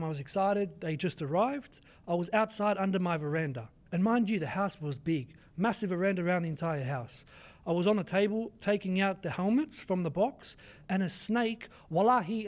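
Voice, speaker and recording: A young man, telling animated stories as an interview guest and mixing in Arabic words. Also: high voice, normal speed. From Australia. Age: 20s. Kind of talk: casual interview chat.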